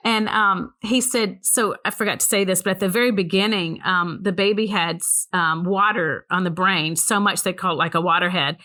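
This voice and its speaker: A woman's voice: fairly low pitch, moderate pace, hardly any pauses. A woman telling a personal story in a casual conversation, rambling with frequent "um" and "so anyway" and acting out the people in it. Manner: animated, voices the people in her story. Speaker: guest, ministry co-founder.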